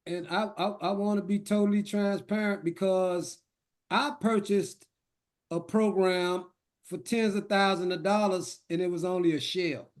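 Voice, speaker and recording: A man's voice: high-pitched, fairly even intonation, unhurried. A man attending a virtual workshop who eagerly chimes in to share his experience. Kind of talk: casual chat. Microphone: virtual workshop call.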